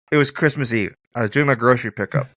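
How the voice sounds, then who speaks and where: A man's voice: mid-range voice, fairly quick, pushed and bright, no echo, studio quality. A man hosting a podcast in casual chat, telling self-mocking stories and laughing often. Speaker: podcast host.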